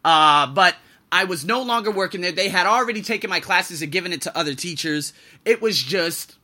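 A man's voice: high voice, expressive, fairly quick, bright, forceful tone. A man hosting a casual podcast monologue, ranting bluntly about his job and swearing freely. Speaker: podcast host and English teacher. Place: living and working abroad.

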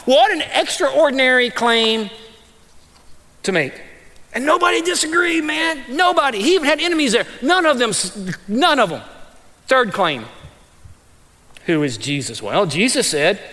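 A man's voice: very high voice, very animated, a little slow, pauses often, sharp tone, big-room sound. A male pastor preaching a conversational sermon in an emphatic, repetitive, street-casual way.

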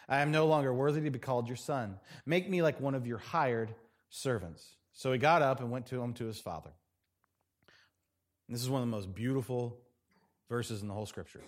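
A male pastor preaching a sermon in a church, dramatic, swinging from loud passages to hushed ones. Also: mid-range voice.

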